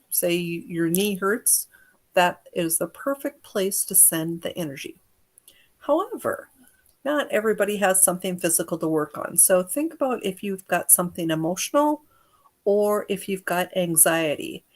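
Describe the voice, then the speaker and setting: American woman, livestream healer host, casual and chatty, slightly low voice, easy instructions. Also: lively intonation, normal speed. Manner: chatty, greets viewers by name, gives gentle instructions. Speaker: energy healer hosting a livestream.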